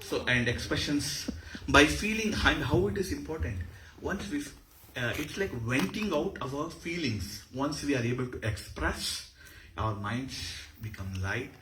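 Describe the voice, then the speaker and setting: A man with an Indian accent explains dance in an animated, lively way, at an average pitch. His voice rings in a roomy lecture hall with a faint hiss behind it. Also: measured pace. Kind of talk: lecture with demonstrations. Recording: echoey hall.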